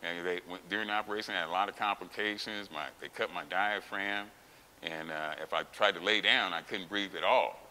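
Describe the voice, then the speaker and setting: A middle-aged man who was once a champion weightlifter tells his story candidly in an interview at a gym, swearing heavily and emphatically acting out quotes with loud outbursts. His voice is low-pitched and steady in tone, fairly quick, with long reverb and faint hiss in the recording.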